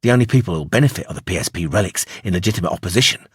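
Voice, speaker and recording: Street-smart young woman, slangy and blunt, a man reading her in an audiobook; husky, dry sound. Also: low voice, expressive, racing, dry recording, pitched below the performer's own voice, full character voice.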